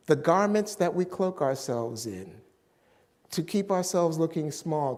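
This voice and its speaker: A middle-aged male minister delivers an unhurried sermon with a high, lively voice that climbs and falls. He leans hard on certain words and stretches them out. The sound carries a long reverb from the worship hall around him. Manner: emphatic, drawing out key words.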